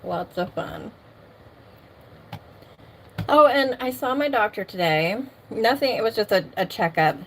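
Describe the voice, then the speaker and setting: On her home livestream, a middle-aged woman chats casually into a streaming mic, laughing often and calling out viewers by name. Her medium-pitched voice has lively intonation and an unhurried pace with frequent pauses, against slight background noise.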